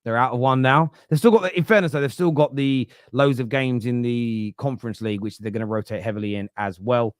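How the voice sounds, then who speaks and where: A young man talking football from home as a pundit, answering viewer comments in a loose, animated way that trails off and restarts. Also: medium pitch, fairly quick, hardly any pauses, no room sound, clean studio sound. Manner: animated, laughing, self-interrupting. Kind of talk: live football chat reading viewer comments. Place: home room.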